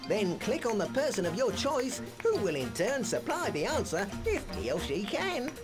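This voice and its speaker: A woman's voice: on the high side, sing-song, moderate pace. A woman voicing an eager boy guide character in a children's game, chirpy and instructive. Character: cheerful pirate-gear boy guide character. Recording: game music under the voice.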